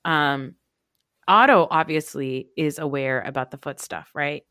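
A man's voice: on the high side, measured pace, bright, forceful tone, clear, resonant tone, no echo. Gossipy man in a dry recap chat. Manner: rambling, gossipy, full of fillers. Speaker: podcast co-host.

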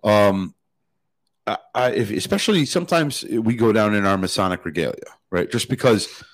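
Man, podcast co-host, casual, quick reactions, low voice. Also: expressive, no echo. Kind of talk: casual chat.

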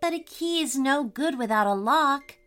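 A woman voicing an excited young girl exploring, speaking with eager, breathless wonder. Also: high voice, moderate pace, soft background music, voice pushed up.

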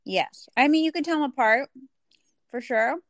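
A podcast co-host with a high, animated voice chats casually at a moderate pace, laughing often. The recording is clean studio sound with no room sound.

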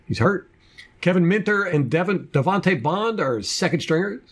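A man's voice: sits high, lively intonation, normal speed. A man co-hosting a casual sports podcast, running through a team depth chart with jokey asides. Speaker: podcast co-host.

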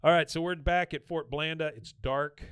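A man co-hosting a casual podcast, walking through a cartoon episode scene by scene. His voice is smooth and clear, recorded close and dry. He acts out the characters' lines in quick voices and laughs along. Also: fairly high pitch, fairly even intonation, a bit bright, no room sound. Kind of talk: casual chat, retelling scenes.

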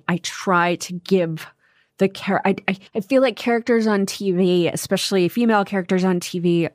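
A woman in her forties, an actress and author, talking frankly and with humor in an interview, sometimes swearing and telling lively stories. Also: on the low side, no room sound, clean studio sound. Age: 40s. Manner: frank, profane, animated storytelling. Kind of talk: candid interview conversation.

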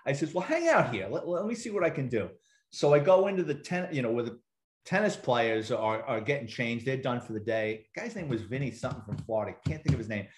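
A man's voice: mid-range voice, very animated, brisk. A middle-aged man, a retired police detective, casually telling anecdotes and acting out quoted dialogue, with casual swearing. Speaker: interview guest, retired police detective and author. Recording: roomy echo.

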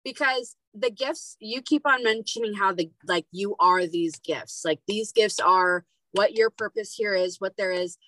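A woman hosting a podcast, asking questions in a gentle, searching way and saying "like" often. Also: mid-range voice, unhurried, few pauses, no room sound, rough recording. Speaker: podcast host. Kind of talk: casual interview chat.

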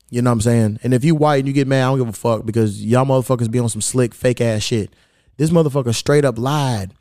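A man hosting a podcast, telling a long story in a heated, profane, animated way. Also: mid-range voice, no echo, studio quality. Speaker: podcast host. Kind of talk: casual storytelling rant.

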